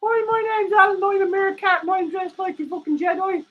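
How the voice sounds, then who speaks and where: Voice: very high voice, brisk, narrow, tinny audio, voice pushed up. A streamer voicing a cheeky, crude male meerkat puppet who swears at every turn. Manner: foul-mouthed, cheeky. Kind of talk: puppet voice on a livestream.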